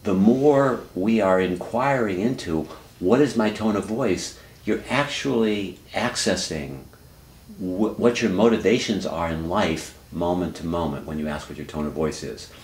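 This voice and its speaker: A man counseling someone in a calm, reflective, coaching way. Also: deep voice, unhurried, roomy sound. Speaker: therapist and teacher. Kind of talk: counseling dialogue.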